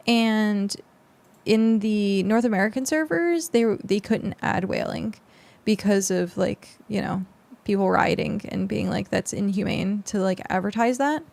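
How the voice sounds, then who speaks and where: A woman's voice: fairly high pitch, a little slow, gravelly, a little mellow. A young adult woman streamer chatting casually with her viewers on a close mic, rambling with lots of fillers. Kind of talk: casual livestream chat with viewers.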